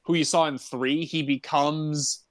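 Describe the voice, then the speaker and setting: A man co-hosting a podcast who talks casually and rambles at length, laughing easily as he goes. His voice is a little high, and the recording is dry and close. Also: steady tone, a little slow, no room sound. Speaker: podcast co-host. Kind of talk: casual chat.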